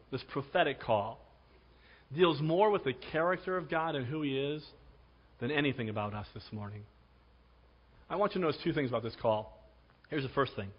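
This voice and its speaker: A man preaching a sermon as pastor, dramatic, swinging from loud calls to hushed tones. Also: a little high. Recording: dull sound with long hall reverb.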